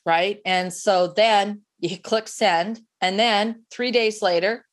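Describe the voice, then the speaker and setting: A woman guest in an interview, animated and chatty, coaching on sales follow-up with frequent restarts. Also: mid-range voice, slow pace. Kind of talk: conversational interview, giving advice.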